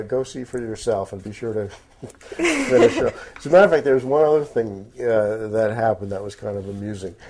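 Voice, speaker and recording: A magazine editor talks informally about his weekend picks, rambling with plenty of fillers and calling his listeners folks. His voice is lowish and warm, and the talk is casual spoken recommendations.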